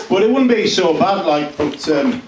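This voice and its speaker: A man's voice: high-pitched, full character voice. A man playing a blunt, rambling male Cumbrian farmer in a live stand-up character act, speaking crudely with a Cumbrian accent. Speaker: character comedian. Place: small pub comedy room, live audience. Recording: roomy, distant mic, noisy live room.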